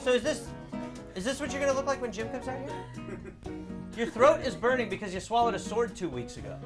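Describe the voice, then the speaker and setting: A man's voice: very high voice, expressive, a little fast, over music. A man hosting a comedy talk show, bantering and introducing guests like a showman.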